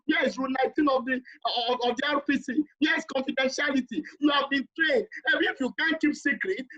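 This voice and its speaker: A man's voice: extremely high pitch, fairly bright tone, dull audio. A man giving a motivational seminar talk, emphatic and repetitive, pressing his listeners with questions. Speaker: seminar speaker.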